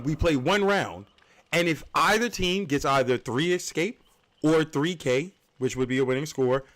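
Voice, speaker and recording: A man hosting a livestreamed game tournament, explaining the rules with joking asides. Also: a little high. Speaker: tournament host and caster.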